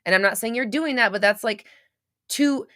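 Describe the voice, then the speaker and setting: A woman with a fairly high, sharp-toned voice speaks at a normal speed in a clean studio recording with no room sound. Hosting a live podcast, she answers listeners frankly in casual chat, swearing often, filling her talk with fillers and restarts, and acting out little scenes in quoted voices.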